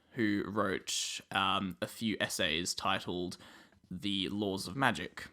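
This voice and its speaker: An Australian man with a lowish voice and a sharp tone hosts a podcast. He explains things at length in a casual way, saying "um" a lot.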